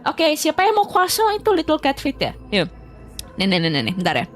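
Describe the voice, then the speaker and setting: A woman's voice: high voice, wildly swooping pitch, quick pace, soft background music. A young woman streaming a game, chatting casually and playfully with her viewers and giggling often. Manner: playful, giggly, switches between languages. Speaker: VTuber streamer. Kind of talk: casual live-stream chat.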